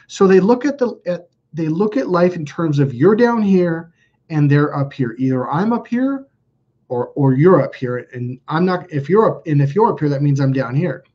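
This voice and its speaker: Male self-help host, husky and fairly high-pitched, animated storyteller, muffled lo-fi sound. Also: moderate pace. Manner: animated storyteller, acts out quoted dialogue in raised voices. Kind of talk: casual spoken monologue to camera.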